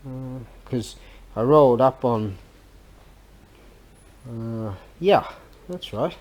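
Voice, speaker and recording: Rambling man with a mellow voice. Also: medium pitch, lively intonation, extremely slow, a little hiss or hum. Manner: rambling, self-interrupting, chuckling. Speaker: vlogger. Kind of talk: casual rambling vlog chat.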